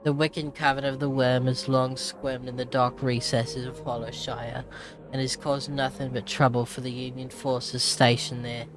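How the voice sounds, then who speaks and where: A man's voice: medium pitch, flat delivery, normal speed, lightly acted. A man reading aloud in a put-on British accent as a reluctant female travel writer, theatrical and stumbling over words. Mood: wry. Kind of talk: reading in-game text aloud. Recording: game music underneath.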